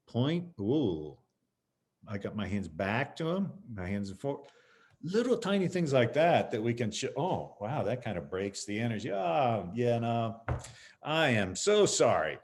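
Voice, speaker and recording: A man's voice: medium pitch, unhurried, husky. A man, a martial arts teacher, chatting as a guest on a video call and acting out little scenes as he talks. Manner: animated storytelling, acting out scenes. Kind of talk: casual video-call chat.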